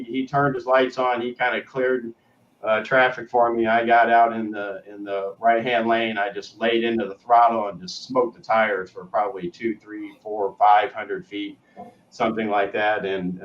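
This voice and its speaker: A man co-hosting a show, telling a story in a rambling casual way that often trails off to a murmur. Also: fairly low pitch. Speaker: co-host. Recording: roomy, distant, dull lo-fi sound.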